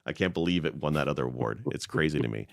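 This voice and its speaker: A man co-hosting a podcast, speaking bluntly in relaxed casual chat with frequent swearing. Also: extremely low pitch, fast, gravelly, no room sound. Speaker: podcast co-host.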